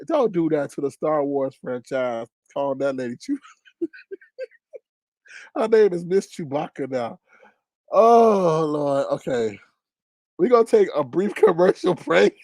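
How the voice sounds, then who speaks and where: Animated gossip host, man, dry sound. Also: on the high side, a little slow, no echo. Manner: animated, laughs often, drawling asides. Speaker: online show host. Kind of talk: gossip commentary livestream.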